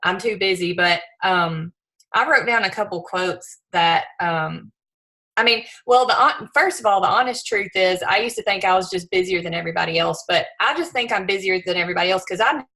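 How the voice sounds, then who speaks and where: Woman, bright tone, earnest, casual call chat. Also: fairly low pitch, fairly quick, rough recording. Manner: emotional, earnest, chatty with restarts. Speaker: new regional director, health coach. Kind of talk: casual team call talk.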